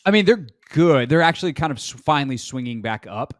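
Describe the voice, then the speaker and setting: Brief: male sports podcast co-host, casual and rambling, joking, medium pitch, close dry mic. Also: expressive, fairly quick, dry recording. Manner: rambling, self-correcting, jokey.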